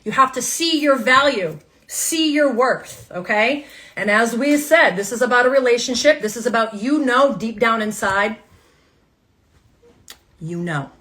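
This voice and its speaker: A woman's voice: on the high side, lively intonation, unhurried, fairly bright tone. A woman giving a live tarot reading to her viewers, emphatic and fired up, repeating her phrases and swearing casually. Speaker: tarot reader.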